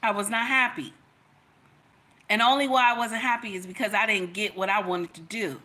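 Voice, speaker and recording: A woman's voice: medium pitch, fairly even intonation, moderate pace, sharp tone. A woman from Nigeria hosting a casual commentary livestream, chatty and preachy, talking straight to her viewers. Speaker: commentary channel host.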